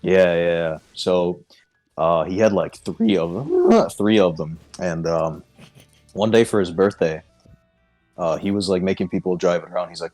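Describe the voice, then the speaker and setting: A man's voice: sits low, animated, moderate pace, darkish tone, faint music behind. A man co-hosting a podcast, telling a story in casual chat, swearing often and laughing through it. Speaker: podcast co-host.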